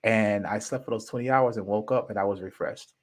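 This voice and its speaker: A man in his fifties, a podcast host, telling a personal story in an animated, emphatic way with casual slang. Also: lowish voice, a little fast.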